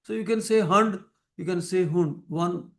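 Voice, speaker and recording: Creaky-voiced Odia teacher lecturing. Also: male voice, sits high, steady tone, brisk, a little mellow. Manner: mixes English with Odia, quizzes students. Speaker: chemistry teacher. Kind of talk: classroom lecture.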